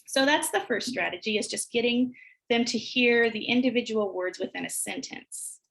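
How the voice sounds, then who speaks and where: Brief: American woman teacher, somewhat high voice, patient and clear, slows way down to model words. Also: fairly bright tone, rough recording. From United States. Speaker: teacher presenter. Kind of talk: instructional webinar walkthrough.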